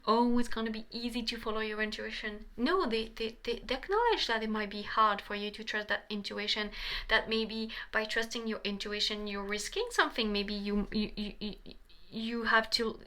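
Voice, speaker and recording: A woman's voice: on the high side, sharp tone. A young adult woman giving a passionate tarot reading to camera, pleading and repeating herself eagerly. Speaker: tarot reader.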